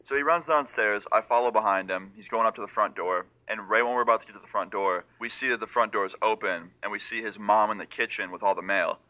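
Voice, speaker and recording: A man's voice: fairly low pitch, fast, few pauses, bright, forceful tone, low-quality recording. A young adult man telling a casual story-time tale, swearing freely and saying "like" a lot. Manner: casual, profane, heavy use of "like". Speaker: vlogger.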